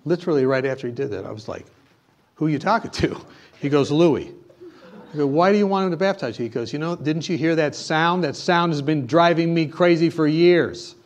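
A man's voice: on the high side, a little fast. A man preaching a sermon, telling a personal story and then urging his listeners with emphatic exhortation. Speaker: pastor.

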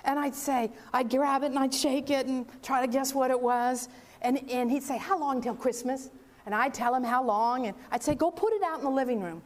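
An older woman preaching, telling a story with lively acted-out dialogue. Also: high-pitched, moderate pace. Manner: animated storyteller acting out dialogue. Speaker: speaker. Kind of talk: sermon storytelling.

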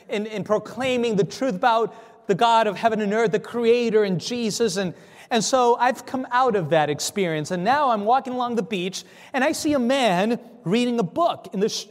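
A man telling a story in a sermon, animated, acting out dialogue, with frequent stammering restarts. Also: very high voice, in a large hall. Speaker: preacher. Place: church.

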